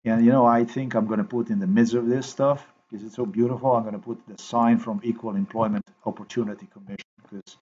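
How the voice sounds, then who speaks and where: A man talking to his viewers in a rambling, halting way while he edits a video, repeating himself and filling gaps with "you know". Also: medium pitch, steady tone, mellow, slightly rough, muffled recording. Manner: repetitive, halting, thinks aloud with many fillers. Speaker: video maker.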